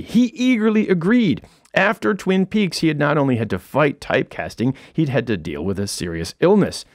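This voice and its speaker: A man's voice: mid-range voice, dry recording. A middle-aged man, an author and comedian, reads his own book as comedic audiobook narration, with a wry, dry storytelling manner and punchline timing, close to a studio mic. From United States. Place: recording studio.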